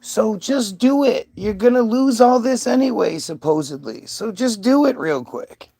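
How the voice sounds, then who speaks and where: A man's voice: sits high, expressive, measured pace, gravelly, mellow, dry recording, studio quality. A man chatting casually with an AI, insistent and coaxing. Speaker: streamer talking to an AI. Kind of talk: casual chat.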